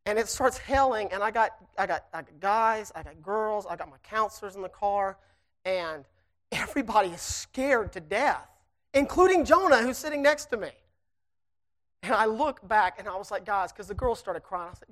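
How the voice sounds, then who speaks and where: A man's voice: high voice, brisk, a bit bright. Male guest preacher, storyteller with big emphatic swells. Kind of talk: sermon.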